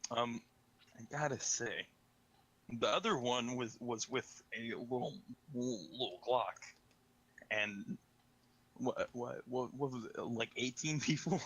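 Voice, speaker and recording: Male podcast host, bright tense voice, dark jokes, laughs a lot. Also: medium pitch, unhurried, long pauses, breathy edge, low-quality recording. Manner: dark-humored, laughs often. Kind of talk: casual podcast chat.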